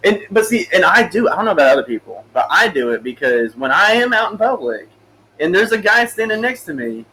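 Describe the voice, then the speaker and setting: A man's voice: sits high, very animated, a little fast, sharp tone, low-quality recording. A man hosting a casual podcast, talking in an easygoing, agreeable way and laughing along with his guest. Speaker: podcast host.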